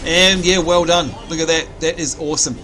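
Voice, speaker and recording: A man, co-hosting a live game stream and chatting excitedly to viewers. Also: a little high, normal speed, crowd noise. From New Zealand. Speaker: livestream co-host. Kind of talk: live gaming commentary. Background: game music.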